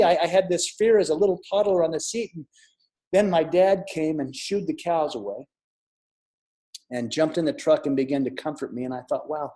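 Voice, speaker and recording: A middle-aged man telling a personal story in an earnest, reflective way, with restarts and soft drops in volume. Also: fairly high pitch, normal speed. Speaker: speaker sharing a near-death experience. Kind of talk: personal storytelling talk with audience questions. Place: online summit talk.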